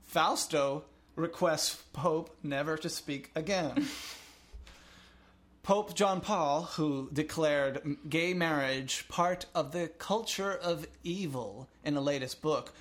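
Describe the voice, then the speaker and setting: A man's voice: a little high, slow pace, fairly bright tone. Sarcastic man joking through news. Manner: crude, sarcastic, giggly. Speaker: podcast co-host. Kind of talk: irreverent casual news chat.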